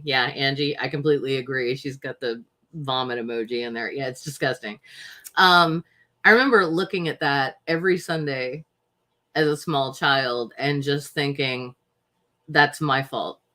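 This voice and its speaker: Guest, a woman with a bright edge to her voice who chimes in playfully. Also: deep voice. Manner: quick, playful interjections. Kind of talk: casual chat.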